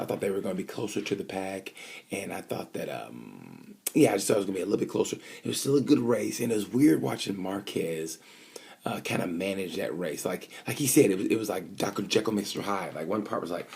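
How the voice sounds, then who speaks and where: A man's voice: lowish voice, vocal fry, darkish tone, husky. A man talking casually and ramblingly about motorcycle races, acting out little quoted voices. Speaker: motorcycle racing fan commentator. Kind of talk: casual opinion vlog.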